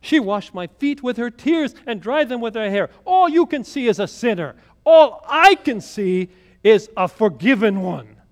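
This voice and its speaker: Gentle earnest jesus voice, kinda high, a preacher putting him on. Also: male voice, big pitch swings, unhurried, full character voice. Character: Jesus, calm gentle teacher, man.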